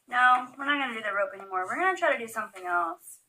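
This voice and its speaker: Bright-voiced young woman vlogging with her pet. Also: fairly high pitch, rough recording. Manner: chatty, coaxing, laughs often. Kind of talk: casual chat. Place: home room.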